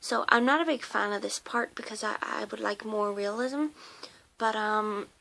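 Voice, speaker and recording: A woman's voice: mid-range voice, normal speed, creaky, pushed and bright, poor audio. A woman who is losing her voice, chatting casually and hesitantly, with lots of fillers, as she shows off her doll collection in her home nursery. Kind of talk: casual show-and-tell video.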